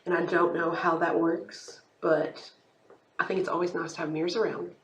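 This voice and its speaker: A woman co-hosts a relaxed podcast chat with a wry, self-mocking humor, her voice sitting somewhat low. The room is echoey, with a faint background hum. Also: normal speed. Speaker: podcast co-host. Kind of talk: casual chat.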